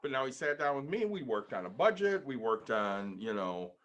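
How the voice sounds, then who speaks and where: A man co-hosting a casual podcast, explaining his points in a measured way and asking pointed questions. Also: medium pitch, sing-song, a bit bright, dull audio. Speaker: podcast co-host. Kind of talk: casual chat.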